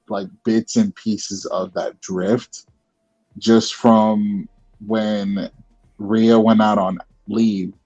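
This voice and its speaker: A man co-hosting a podcast, explaining things slowly in casual chat. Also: fairly low pitch, dark tone, dull audio. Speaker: podcast co-host.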